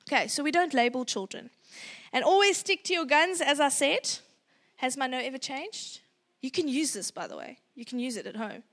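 A woman in her thirties giving a casual parenting workshop talk, chatty and animated, acting out parents and children. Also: high voice, moderate pace. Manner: chatty and animated, acts out parent and child voices, laughs often.

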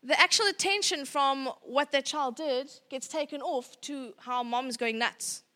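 A woman's voice: sits high, unhurried. Chatty woman giving a parenting talk. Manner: chatty and animated, acts out parent and child voices, laughs often. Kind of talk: casual parenting workshop talk.

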